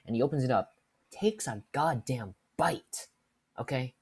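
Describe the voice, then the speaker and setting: A young man who works in fast food, telling an exasperated, slangy story in a casual vlog. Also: mid-range voice, slightly rough.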